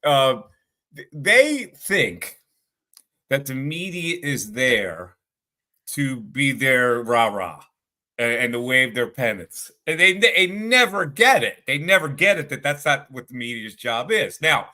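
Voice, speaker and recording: A man's voice: mid-range voice, big pitch swings, slow pace, sharp tone. A man who is a veteran sports radio guest, giving blunt, rambling, exasperated opinions.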